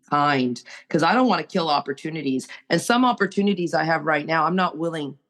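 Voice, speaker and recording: A woman's voice: deep voice, fairly quick, few pauses, fairly bright tone. A woman sharing on a recovery podcast, earnest and preachy as she urges listeners on. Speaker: recovery group member.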